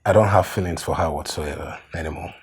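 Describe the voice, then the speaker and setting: An actor playing a scheming, unfaithful husband who speaks smugly and chuckles. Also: male voice, sits low, crowd noise. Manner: smug, chuckling, drawn-out. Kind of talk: film drama acting.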